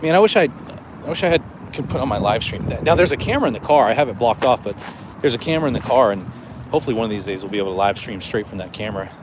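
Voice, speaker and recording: Male streamer, middle pitch, laid-back chatty banter from the car, audible road noise behind him. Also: lively intonation, racing. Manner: loose and joking, drifts between topics. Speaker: live streamer. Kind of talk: casual live-stream chat, reading viewer comments. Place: inside a car.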